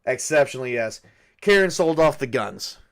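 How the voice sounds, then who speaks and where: A man's voice: medium pitch, lively intonation, normal speed, vocal fry. A man narrating a solo tabletop game, thinking aloud with frequent hesitations and fillers. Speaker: game master and solo player.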